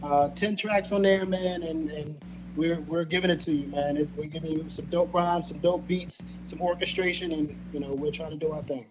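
Man, guest artist, fairly high voice, chatty and grateful; noisy recording with hum. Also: steady tone, moderate pace. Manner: thankful, rambling with fillers. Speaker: guest musician. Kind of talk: casual interview chat.

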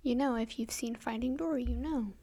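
American woman, co-host, teasing, dry jokes, a bit high-pitched. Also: brisk, mellow. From United States. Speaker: podcast co-host. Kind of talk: casual chat.

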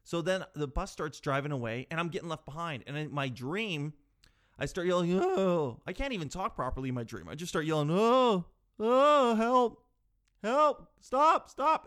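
A man in his twenties telling comic stories about his life, animated, jumping from loud yells to low mumbled asides. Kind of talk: comedic storytelling.

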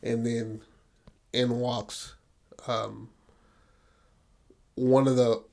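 A man's voice: medium pitch, little pitch movement, extremely slow, gravelly, a little mellow. A male podcast host retelling a story in a rambling, casual way, heavy with fillers and swearing.

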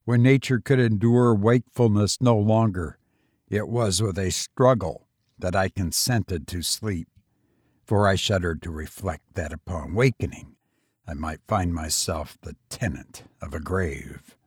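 A man narrating a gothic tale as a dramatic reading, with a solemn, measured delivery. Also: sits low, a little mellow, breathy edge, no echo, studio quality.

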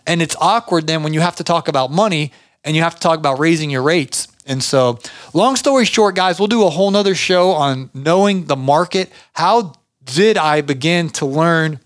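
A man's voice: a little high, moderate pace, dry recording, clean studio sound. A middle-aged man, hosting a podcast and giving casual business advice in a rambling, chatty way with many restarts. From Georgia, US. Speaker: podcast host.

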